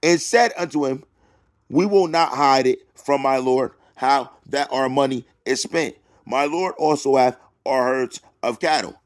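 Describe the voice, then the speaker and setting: A man reading scripture aloud and breaking off into loud preaching and taunting, drawling slowly through the verses. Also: medium pitch. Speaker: self-styled preacher.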